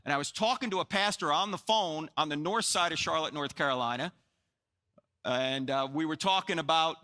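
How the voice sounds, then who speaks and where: Lively bright-voiced man in his sixties lecturing. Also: fairly high pitch. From New Jersey, USA. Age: 60s. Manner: animated storyteller, jokey asides, acts out dialogue. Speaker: Christian apologetics speaker. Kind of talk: live lecture to an audience. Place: large hall with live audience. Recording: long hall reverb.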